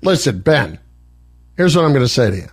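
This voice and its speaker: A man's voice: medium pitch, very animated, breathy edge. A male sports talk radio host giving blunt, opinionated takes in a studio. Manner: blunt, opinionated, fast-talking. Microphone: studio microphone.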